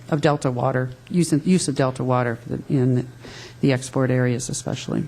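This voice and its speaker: A woman on agency staff briefing a council at a public meeting, halting and often correcting herself as she explains the material. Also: low voice, darkish tone. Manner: halting, frequent restarts and self-corrections.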